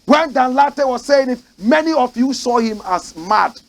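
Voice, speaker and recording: A man with a Ghanaian English accent, a host delivering impassioned political commentary in a studio, swinging between shouting and low muttering. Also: expressive, a little slow, rough recording. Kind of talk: impassioned talk-show commentary.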